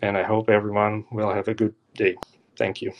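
A man's voice: lowish voice, flat delivery, normal speed. A man calling in to a live show, talking at length in a rambling, emphatic way. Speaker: caller. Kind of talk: call-in commentary.

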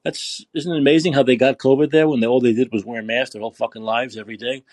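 Husky, scornful male podcast host. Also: medium pitch, steady tone, fast talker, a little mellow, no room sound. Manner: profane, scornful. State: tired and upset. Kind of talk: angry political rant.

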